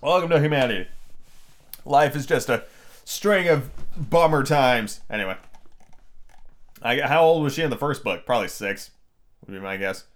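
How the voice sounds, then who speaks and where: A man's voice: mid-range voice, animated, normal speed, pauses often. A man hosting a podcast, reading a children's book aloud with rambling, filler-heavy asides. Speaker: podcast host.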